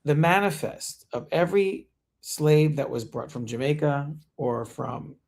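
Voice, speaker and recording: A man co-hosting a podcast, chatting casually and telling a story in an animated way, with frequent "you know". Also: on the high side, unhurried, creaky. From Colombia. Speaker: podcast co-host. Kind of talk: casual chat.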